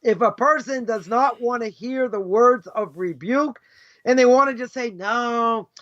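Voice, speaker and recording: Male rabbi lecturing a class; very high, sharp voice, chatty and rhetorical, dull lo-fi stream. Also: moderate pace. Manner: conversational, keeps asking "right?"; acts out imagined speakers mid-lecture. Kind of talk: informal Torah lesson.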